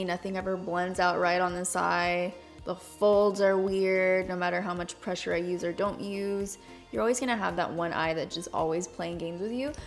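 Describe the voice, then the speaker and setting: Young woman vlogger, excitable and chatty, mid-range voice, casual tutorial delivery. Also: mid-range voice, vocal fry. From Hispanic background, speaks without Spanish accent. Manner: bubbly, enthusiastic, chatty. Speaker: beauty YouTuber. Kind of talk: makeup tutorial talk.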